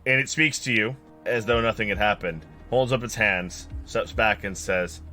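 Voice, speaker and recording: A lower-voiced man from California running a tabletop game as its game master, describing each scene playfully. His voice is bright, with faint music under it. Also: moderate pace.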